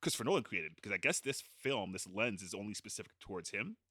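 A man's voice: on the low side, big pitch swings, fast, fairly bright tone, slightly rough, no echo, studio quality. A man on a podcast panel, telling a film anecdote in a rambling way with many fillers. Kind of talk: casual film chat.

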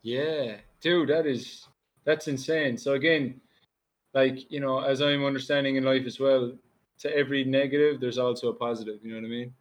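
A man's voice: medium pitch, steady tone, moderate pace. An Irish man, a podcast guest, chatting casually and leaning on "dude" and "bro" fillers. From Ireland. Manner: laid-back, lots of "dude" and "bro" fillers. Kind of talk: casual chat.

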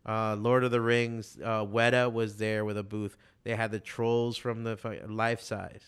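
A man in casual conversation, telling animated stories with a lot of swearing and acting out what other people said. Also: on the low side, measured pace, smooth. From Miami, USA. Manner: animated storytelling, heavy swearing, quotes others in voices. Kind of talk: casual chat.

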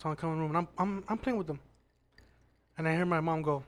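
A man's voice: on the high side, quick pace, long pauses. A man who is a guest on a casual podcast, telling a ghost story and stumbling over and repeating his words. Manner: stammers and repeats words, checks in with "right?".

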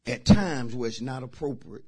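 A man preaching a sermon as pastor, emphatic and talking straight to his congregation, bursting into shouts. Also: mid-range voice, animated, moderate pace, breathy edge. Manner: talks directly to the congregation.

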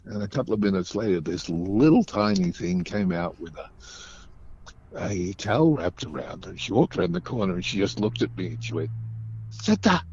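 A man from Australia telling anecdotes casually as a guest, animated and acting out the voices of people in his stories. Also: low voice, a little fast, highs cut off, slight background noise. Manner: animated storytelling, acts out voices. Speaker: guest storyteller.

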